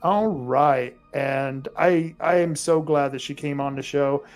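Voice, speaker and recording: A man's voice: on the high side, slow pace, soft background music. A male podcast host with a rural American accent, talking casually to listeners in a rambling way full of fillers and restarts.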